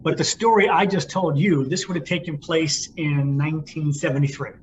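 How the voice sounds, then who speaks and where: Reflective man in his fifties, slightly high voice. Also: steady tone, moderate pace. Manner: reflective, thoughtful storyteller. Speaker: podcast co-host. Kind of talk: casual chat. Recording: muffled lo-fi with faint hiss.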